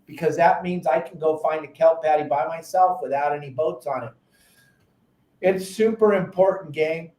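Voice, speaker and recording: A man with a fairly high voice hosts a fishing talk show and tells animated stories, often acting out frantic quotes. He gives casual advice, and his voice rings in a roomy, echoey space. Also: moderate pace. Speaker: podcast host and fishing captain.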